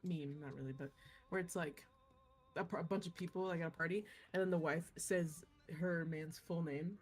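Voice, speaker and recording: A woman with a fairly low voice, rambling casually and packing her sentences with "like" as she searches for words. Faint music plays behind her. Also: fairly even intonation, moderate pace. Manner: rambling, many "like"s. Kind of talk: casual chat.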